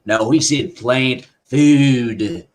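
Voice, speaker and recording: A man voicing a gruff, folksy male cactus bandit in a stage play, with ungrammatical speech. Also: medium pitch, very slow. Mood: menacing.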